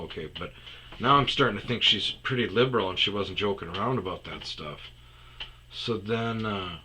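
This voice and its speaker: A man's voice: deep voice, pushed and bright, breathy edge. A man telling a rambling comedic story about a phone call, often dropping into muttered asides. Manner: rambling, restarts, drops to muttered whispers.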